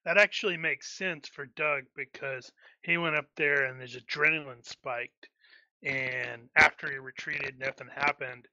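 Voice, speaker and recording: Bright sharp-voiced man, dull mic. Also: medium pitch, fairly even intonation, a little slow, no echo. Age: adult army veteran. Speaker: tabletop game player. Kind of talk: casual game table chat.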